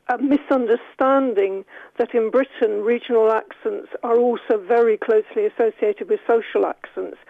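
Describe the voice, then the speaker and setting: A woman with a fairly high, gravelly voice explains her points in a measured, careful way. She comes through a tinny telephone line, and the sound is dry and close. She is a professor being interviewed on the radio. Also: dry recording. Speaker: sociolinguistics professor.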